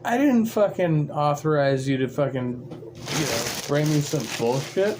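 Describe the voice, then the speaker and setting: With a noisy background, a man hosts a livestream and launches into a casual rant, sarcastic, irritated, and full of profanity. He speaks at a measured pace in an expressive, fairly high voice.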